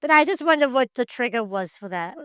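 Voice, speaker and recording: A woman hosting a casual interview, asking blunt, playful, quick-fire questions. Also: fairly high pitch, lively intonation, a bit bright, clean tone, no room sound, clean studio sound. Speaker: podcast host.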